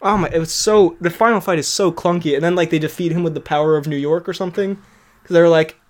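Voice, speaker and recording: A man's voice: a little high, fast. A young man chatting casually on a podcast, rambling, swearing often and laughing at his own jokes. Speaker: podcast host. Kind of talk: casual chat reviewing TV shows.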